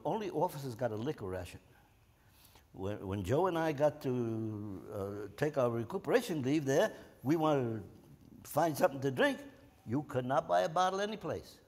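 A man in his nineties, a veteran, telling lively anecdotes to an audience and acting out the quotes. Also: mid-range voice. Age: 90s. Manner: animated, with many restarts and acted-out quotes. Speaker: World War II veteran guest. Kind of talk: storytelling anecdotes to a live audience. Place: museum event hall. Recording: echoey hall.

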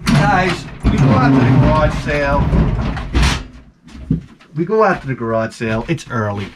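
A man with a young son, telling a rambling, animated story as a toy collecting vlogger. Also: medium pitch, moderate pace, heavy background noise. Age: adult with a young son. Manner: rambling, animated, acts out quoted voices. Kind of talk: casual storytelling monologue.

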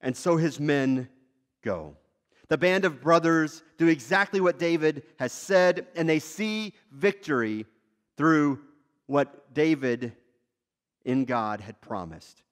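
A male lead pastor preaching a sermon in a conversational, animated way, with wide swings in pitch and loudness. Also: slow pace.

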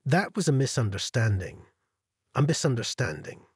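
A man's voice: medium pitch, sing-song, normal speed, breathy edge, no echo, studio quality. A man voicing a scheming male director who talks defensively in a spoken story.

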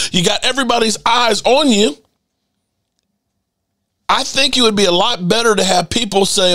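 A man's voice: very high-pitched, pushed and bright. A man, a sports channel host delivering a heated, profane rant with lots of repetition. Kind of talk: ranting commentary.

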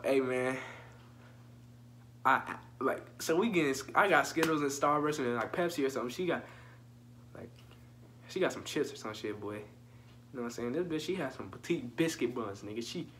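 A man's voice: medium pitch, normal speed, long pauses, a bit bright, a little hiss or hum. A young man telling a profane, slangy story in a casual vlog and joking directly with his viewers. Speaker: storytime vlogger.

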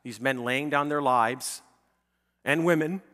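Speaking slowly in a pushed, bright, medium-pitched voice, a male pastor preaches conversationally to his congregation, frequently asking "okay?" or "right?" The sermon climbs to emphatic, pleading peaks, and the sanctuary adds a long reverb.

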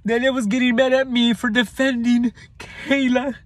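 A man with a high voice speaks in a raw personal account. He is emotional, circles back over his own words and swears freely. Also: level tone, normal speed, dry recording. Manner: emotional, repeats himself, swears. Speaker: vlogger telling his own story.

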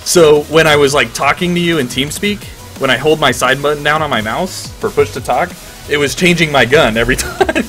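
A man's voice: on the high side, fairly quick, bright, forceful tone, faint music behind. A man streaming a game while drunk, chatting loosely with a friend, laughing and swearing casually.

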